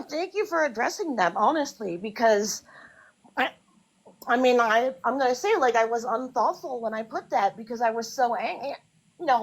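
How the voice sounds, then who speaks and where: Flustered apologetic woman, lively pitch. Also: low-quality recording. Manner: flustered, apologetic, many fillers and restarts. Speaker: live stream guest. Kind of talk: casual group chat.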